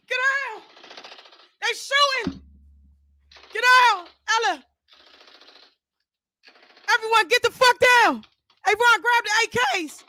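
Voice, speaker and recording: A man's voice: extremely high pitch, a bit bright, full character voice. A man voicing a brash young husband who boasts about his courage, in a comic spoken story.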